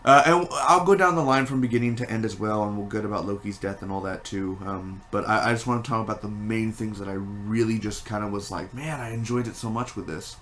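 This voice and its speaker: A man giving a casual spoken movie review, rambling and animated, with many fillers and restarts. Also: on the low side, brisk, few pauses, slight background noise.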